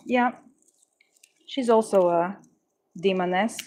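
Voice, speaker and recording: A woman's voice: medium pitch, measured pace, darkish tone. Stuttering woman chatting casually. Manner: stutters, with many restarts and fillers. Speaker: livestream host. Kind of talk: casual chat answering viewers.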